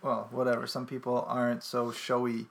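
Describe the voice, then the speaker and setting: A woman's voice: rumbling low, monotone, normal speed. A young woman chatting casually about a reality show, dry and teasing, often taking the opposite side. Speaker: co-host. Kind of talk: casual reality-TV recap chat.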